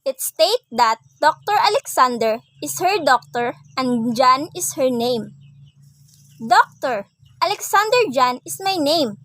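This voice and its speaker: A young woman reads a class assignment aloud in a careful, measured recitation. Her voice is high and bright, with a slightly sharp edge. The recording is dry and close, with no room sound. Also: no echo, poor audio. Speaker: student.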